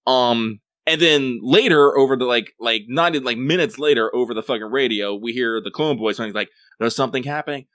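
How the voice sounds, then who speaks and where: A man in casual chat, rambling and animated, full of fillers and swearing as he talks about a tabletop game. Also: medium pitch, fairly quick, hardly any pauses, dry recording, studio quality. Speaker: podcast co-host.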